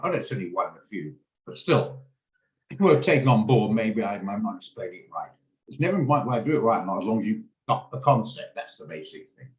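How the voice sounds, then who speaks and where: Fast-talking man teaching a trading class. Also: fairly low pitch, lively intonation, lo-fi sound. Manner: fast, hands-on step-by-step explaining. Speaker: trading instructor. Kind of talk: live online trading lesson. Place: video call. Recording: echoey room sound.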